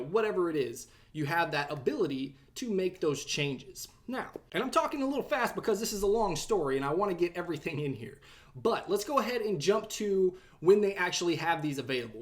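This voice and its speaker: A young man hosting a tech review vlog, telling a story time review quickly and quoting himself in a raised voice. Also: a little high. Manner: animated, talks fast, quotes himself in a raised voice.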